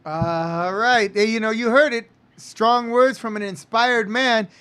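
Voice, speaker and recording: A man's voice: high voice, a little slow, sharp tone, smooth. A man from California, a wrestling promoter, hyping an upcoming card in a rambling, self-correcting announcer patter. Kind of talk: casual promo chat.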